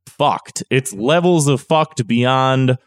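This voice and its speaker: A man's voice: mid-range voice, slow pace, clean tone, no room sound, clean studio sound. Exasperated man with a Chicago accent. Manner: rambling, profane, exasperated. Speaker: podcast co-host. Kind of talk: casual podcast banter.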